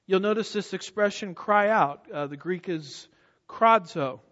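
A man with a high voice delivers an emphatic expository sermon, firing questions at his listeners and answering them. His voice carries through a church sanctuary with a long reverb tail, and the recording sounds somewhat muffled. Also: a little slow, a bit bright. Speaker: preacher.

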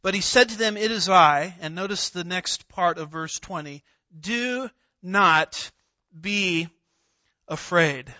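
Male pastor, high bright voice, slow emphatic delivery, dry dull lo-fi sound. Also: no echo. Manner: emphatic, deliberate, stresses single words. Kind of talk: expository sermon. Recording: dull lo-fi recording.

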